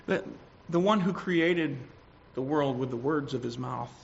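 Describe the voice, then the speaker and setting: A man preaching a sermon, swinging between loud declarations and quiet asides. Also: mid-range voice, unhurried, gravelly, a little hiss or hum. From United States. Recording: dull lo-fi recording.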